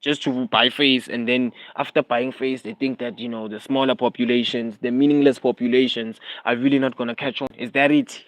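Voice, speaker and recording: A young South African man vents on a casual livestream, his South African accent clear as he circles back over the same points again and again. He sits at middle pitch, close to a dry mic with no room sound around him. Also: fairly even intonation, brisk, hardly any pauses, no room sound. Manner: heated, repetitive, slips into Zulu phrases. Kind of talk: casual live-stream rant.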